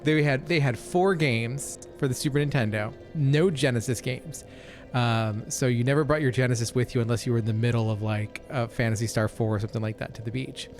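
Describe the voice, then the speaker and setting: A man's voice: mid-range voice, brisk, soft background music. Rambling man telling stories. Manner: rambling storyteller, many fillers and asides. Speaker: co-host. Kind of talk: casual chat over gameplay.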